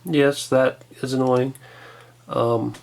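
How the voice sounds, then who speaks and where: Relaxed male co-host, chatty and meandering, mid-range voice. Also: medium pitch, slow, gravelly. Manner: relaxed, rambling, hesitant restarts. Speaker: toy reviewer, co-host. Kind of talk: casual chat review.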